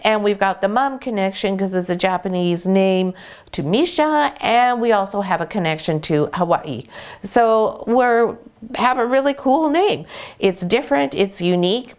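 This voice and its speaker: A woman's voice: fairly low pitch, smooth. A woman breeder with a Canadian accent, talking through her puppies' names and care in a casual, explaining way. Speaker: dog breeder. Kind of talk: casual educational vlog.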